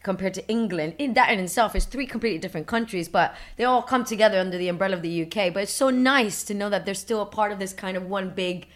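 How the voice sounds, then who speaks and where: A woman from the United States co-hosts a relaxed chat podcast. She talks in a lively way and laughs often, slipping into voices when she retells a story. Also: medium pitch, fast talker, hardly any pauses. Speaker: co-host. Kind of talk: casual chat.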